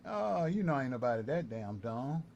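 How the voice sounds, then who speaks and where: Taunting man, lively pitch swings. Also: moderate pace, vocal fry, highs cut off. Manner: taunting, repetitive, animated. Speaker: live-stream commentator. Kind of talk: heated livestream callout. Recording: faint background noise.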